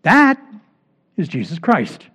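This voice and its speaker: A man's voice: a little high, wildly swooping pitch, slow pace, fairly bright tone, slightly rough. A male pastor preaching a sermon, emphatic and repeating key phrases to drive points home. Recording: dull lo-fi recording.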